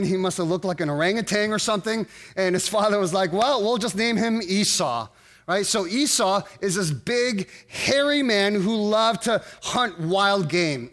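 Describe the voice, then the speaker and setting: A man preaching a sermon in a high, light voice. He speaks earnestly and haltingly, and often stops to restart his sentences. He sounds middle-aged. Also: fairly bright tone. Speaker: pastor.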